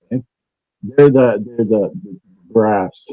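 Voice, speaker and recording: This call-in guest talks about conspiracies in a relaxed, halting way, stumbling through fillers and restarts. The remote call audio sounds muffled, while his mid-range voice carries lively intonation at a measured pace.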